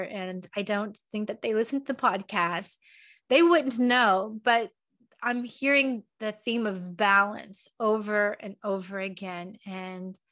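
A woman's voice: medium pitch, fairly bright tone. A woman hosting her own podcast in a casual solo monologue, chatty and a little emotional, often breaking into small laughs between phrases. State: emotional, teary. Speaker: podcast host.

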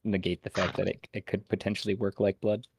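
Give me a man running a tabletop game, low voice and hesitant delivery. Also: flat delivery, brisk, vocal fry, darkish tone, slightly rough, dry recording. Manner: rambling, hesitant. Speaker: game master.

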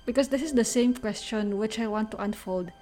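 Mellow-voiced young woman musing on a podcast. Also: on the high side, faint music behind. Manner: thoughtful, unhurried, with small restarts. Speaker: podcast host. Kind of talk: solo reflective podcast talk.

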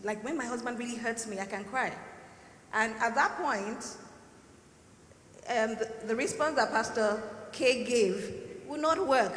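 Woman panelist, bright forceful tone, emphatic and earnest; echoey hall recording. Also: fairly high pitch, a little slow, slight background noise. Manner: emphatic, earnest, repeats points. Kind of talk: panel discussion answer. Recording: echoey hall, faint ambience.

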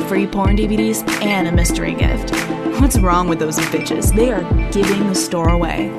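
A woman's voice: mid-range voice, fairly even intonation, moderate pace. A woman hosting a podcast, reading an ad and signing off in a brash, profane, playful way. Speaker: podcast host. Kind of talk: casual show outro and ad read. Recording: voice over loud hip hop music.

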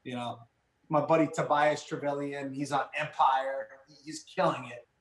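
A man in his thirties telling stories in casual chat, animated and rambling with lots of fillers. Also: medium pitch, normal speed. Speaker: podcast guest. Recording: echoey room.

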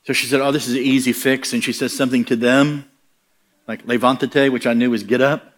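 An American man preaching, telling a funny travel story with lively comic voices. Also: medium pitch, brisk. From United States. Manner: animated, comic voices in quoted lines. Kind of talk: storytelling sermon.

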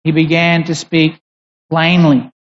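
Preacher, deliberate emphatic sermon, mid-range voice, long hall reverb, dull muffled recording. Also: mid-range voice, little pitch movement. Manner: deliberate, emphatic, with pauses and restarts.

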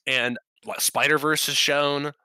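A man's voice: on the high side, flat delivery, a little slow, pushed and bright, clear, resonant tone, no echo. A young man co-hosting a casual movie podcast, blunt and opinionated, swearing freely. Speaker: podcast co-host. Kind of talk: casual movie-recap chat.

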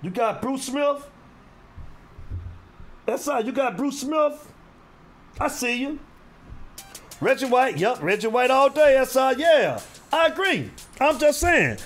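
High-voiced man hosting live sports chat. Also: fairly bright tone. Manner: drawling, repeats names, calls out viewers. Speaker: live stream host. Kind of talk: casual live sports talk.

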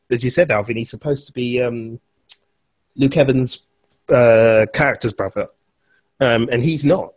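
A man hosting a casual film chat, animated and laughing often. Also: mid-range voice, slightly rough, no room sound. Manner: animated, laughs often, quotes lines in put-on voices. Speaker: podcast host.

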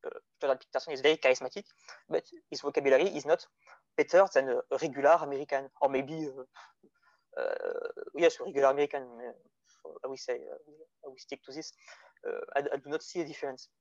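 A man from France with a French accent, speaking English as a second language as a podcast guest in a casual philosophical discussion, halting as he searches for words. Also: medium pitch, fairly even intonation, a little mellow, dry recording. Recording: dull lo-fi audio.

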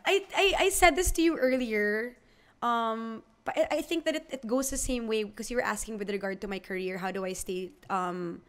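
A woman, a podcast guest talking candidly, warmly, with frequent stammered restarts and laughs. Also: a little high, normal speed, clean tone. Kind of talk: candid conversational interview.

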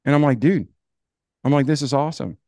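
A man tells his own story in a podcast interview at an average pitch. He talks casually and animatedly and acts out old conversations as he goes. The sound is dry and close. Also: a little fast, no room sound. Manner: animated, acts out dialogue with "I'm like". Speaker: podcast guest.

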